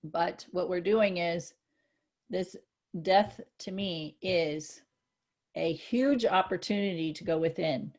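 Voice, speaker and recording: A woman co-hosting a casual spiritual chat, earnest and reflective, growing excited when she gives examples. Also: on the low side, slow pace. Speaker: co-host.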